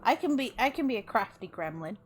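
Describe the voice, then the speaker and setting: A woman's voice: fairly high pitch, very animated, brisk. A young woman streaming as a VTuber, chatting casually and teasingly with viewers and laughing often.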